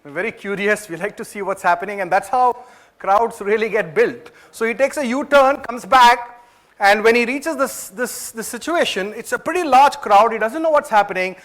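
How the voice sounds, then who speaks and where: An Indian man with a high voice and an Indian English accent, giving a motivational management talk. He tells his story in a chatty way, pauses with fillers and checks in with the audience with quick questions. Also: a bit bright. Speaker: speaker at a management training event.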